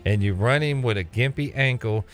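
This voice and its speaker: Man, sports talk co-host, mid-pitched, sarcastic, opinionated rant, faint music behind. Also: moderate pace.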